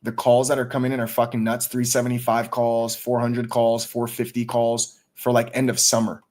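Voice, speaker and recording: Man, stream host, casual chat, hyped, profane, mid-pitched voice. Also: monotone, normal speed, a little mellow.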